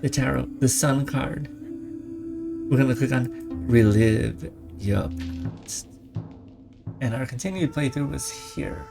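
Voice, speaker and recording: Gravelly, chatty gaming host, a man. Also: medium pitch, takes it slowly, long pauses, over music. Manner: chatty, rambling asides. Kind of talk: casual let's-play commentary. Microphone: desk microphone.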